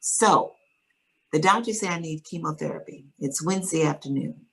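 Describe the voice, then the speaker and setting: Low, gravelly-voiced woman telling her story. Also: normal speed, low-quality recording. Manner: calm, reflective retelling. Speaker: interview guest. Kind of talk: personal storytelling in an interview.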